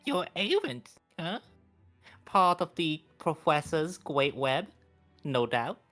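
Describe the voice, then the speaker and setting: A man voicing a hostile, drunk prison governor in a shifting mock Irish-southern accent, threatening and gruff. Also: fairly high pitch, big pitch swings, slow, bright, forceful tone, soft background music, voice pushed up, exaggerated voice. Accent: shifting put-on Irish, southern, Brooklyn.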